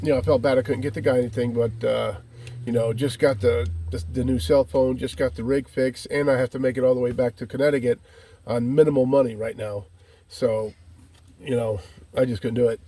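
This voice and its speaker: A man's voice: mid-range voice, fairly even intonation, a little fast, warm tone. A man vlogging from his van and by the water, talking in a folksy, rambling way and calling his viewers "folk", filmed on a handheld phone. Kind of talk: casual vlog chat. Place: outdoors by water and inside a van.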